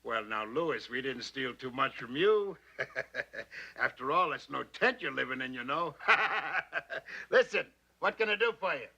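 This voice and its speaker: An actor playing a gruff, shrewd studio boss who trades wisecracks on the phone. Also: male voice, mid-range voice, expressive, moderate pace, hardly any pauses, bright, forceful tone, exaggerated voice.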